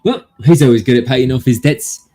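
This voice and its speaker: A man's voice: mid-range voice, lively intonation, fairly quick, warm tone, faint music behind, natural voice. A man doing hearty bristly guild brawler. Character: big bristly friendly male guild adventurer.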